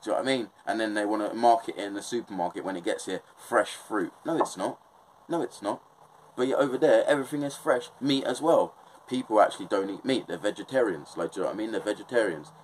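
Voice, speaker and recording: Man, young adult, English accent, lowish pitch, casual rant, passionate, swears. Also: fast talker, a little hiss or hum, poor audio. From England. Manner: impassioned, swears often, keeps asking "do you know what I mean". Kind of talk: casual ranting monologue.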